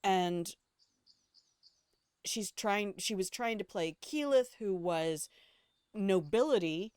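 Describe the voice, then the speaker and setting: A woman's voice: lowish voice, a little mellow, smooth, no echo, studio quality. Blunt, foul-mouthed older woman streamer. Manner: blunt, opinionated, swears freely; rambling asides and restarts. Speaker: game streamer. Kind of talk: casual gameplay commentary.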